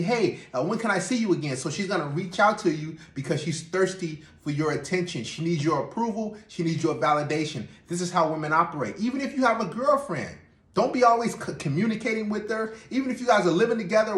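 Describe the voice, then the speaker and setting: Man, slightly high voice, emphatic dating advice, roomy echo. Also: animated, brisk, fairly bright tone. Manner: assertive, emphatic, uses quoted inner voices. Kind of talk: lecturing advice. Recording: echoey room.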